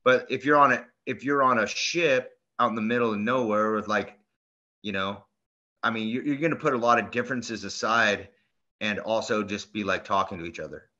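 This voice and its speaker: A man co-hosting a podcast in casual chat, telling stories in a rambling, animated way full of fillers and restarts. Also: on the low side, moderate pace. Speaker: podcast co-host. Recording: dull lo-fi sound.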